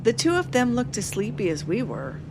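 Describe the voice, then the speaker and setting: A woman's voice: a little high, huge pitch swings, a little fast, gravelly, background noise. A woman, the podcast host, reading her memoir aloud in the first person, with wry self-mocking humor.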